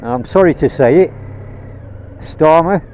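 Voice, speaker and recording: A man's voice: a little high, lively intonation, measured pace, darkish tone, a little hiss or hum, low-quality recording. A man from Rhodesia, a vlogger, ranting bluntly and swearing while riding a motorbike, recorded on a helmet mic. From Rhodesia (now Zimbabwe). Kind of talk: angry rant while riding. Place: on a motorbike outdoors.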